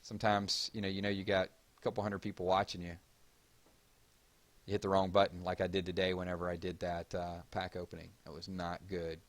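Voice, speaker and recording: Male livestream host, Southern drawl, a bit low-pitched, casual and talkative with chat. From Georgia, US. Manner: chatty, reads chat aloud and gives shout-outs.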